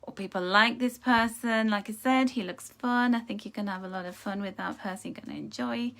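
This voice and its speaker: Woman, card reader, live chatty reading, drifts soft and slow on affirmations. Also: medium pitch, gravelly. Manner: chatty, warm-hearted, laughs and reacts to viewer comments.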